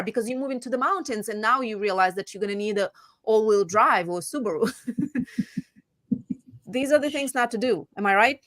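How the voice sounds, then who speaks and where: A woman real estate agent chatting casually about home buying, animated and voicing her clients' lines. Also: fairly high pitch, normal speed, no echo, clean studio sound. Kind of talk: casual chat.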